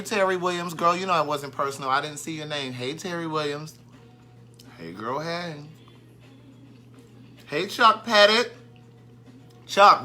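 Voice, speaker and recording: A man's voice: fairly high pitch, sharp tone. A man hosting a casual live stream, chatting and greeting viewers by name, and easily sidetracked.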